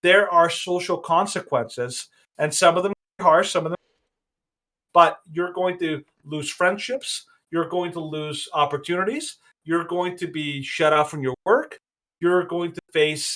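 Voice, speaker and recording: A man's voice: fairly high pitch, unhurried, a bit bright. A man hosting a podcast, giving rambling, opinionated commentary with frequent restarts. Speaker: podcast host.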